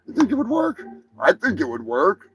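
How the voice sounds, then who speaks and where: A man's voice: high-pitched, wildly swooping pitch, normal speed. Crude joking livestream host, man. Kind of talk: casual banter on a comedy livestream.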